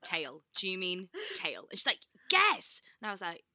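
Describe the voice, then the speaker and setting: A very bright, sharp-toned woman in her thirties, chatting as a podcast co-host. She tells family stories with lots of "like" and acts out what people said. The sound is close and dry. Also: lowish voice, expressive, fairly quick, no echo. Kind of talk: casual chat.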